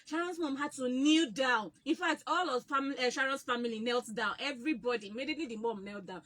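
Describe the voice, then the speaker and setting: A young Nigerian woman telling childhood stories in a casual chat, animated and laughing often. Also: a little high, fast, hardly any pauses.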